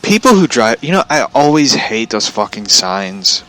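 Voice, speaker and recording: A man's voice: mid-range voice, very animated, moderate pace, fairly bright tone. A man hosting his show from home, telling a story as a profane, aggravated rant. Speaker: show host. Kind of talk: ranting storytelling.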